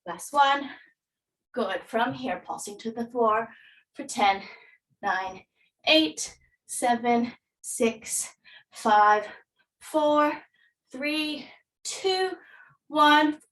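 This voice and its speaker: A woman's voice: fairly high pitch, recorded from a distance, poor audio. Breathless woman leading a workout. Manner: encouraging, counts reps aloud. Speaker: fitness instructor. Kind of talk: guided workout instruction.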